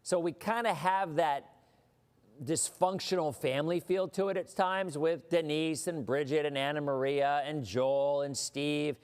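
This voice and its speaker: A man's voice: fairly high pitch, fairly even intonation, unhurried, clean tone. A man hosting a weather livestream, chatting casually in a rambling way with mock-indignant asides.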